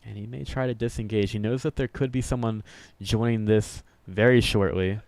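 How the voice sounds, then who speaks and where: A man's voice: fairly low pitch, steady tone, moderate pace, vocal fry, a little mellow, no echo. A man giving upbeat, jokey play-by-play commentary on a video game match, chuckling often and poking fun at himself. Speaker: esports commentator.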